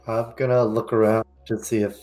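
Halting, lowish-voiced man player. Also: little pitch movement, a little mellow. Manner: halting, repeats words. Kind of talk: casual chat.

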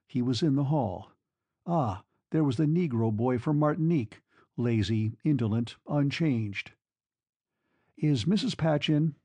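A man narrating a classic novel in a measured, expressive audiobook reading. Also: medium pitch, no room sound.

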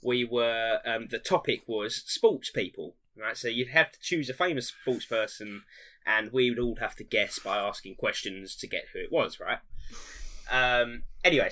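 A man co-hosting a chatty podcast, telling a story with growing laughter. His voice is bright and forward. He talks casually and animatedly. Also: mid-range voice, normal speed. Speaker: podcast co-host.

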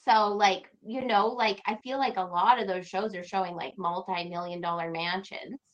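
A woman guest on a podcast, chatting casually and telling animated stories with frequent laughter. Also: mid-range voice, normal speed, highs cut off. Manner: animated storyteller, laughs often. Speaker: podcast guest, home renovation creator.

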